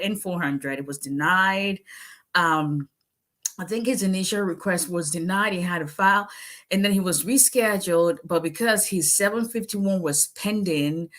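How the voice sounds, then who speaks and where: A woman's voice: low-pitched, a bit bright. A woman with a Nigerian accent, an immigration attorney chatting casually with viewers on a livestream, sounding tired after a long day. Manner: chatty, laughing, greets viewers by name.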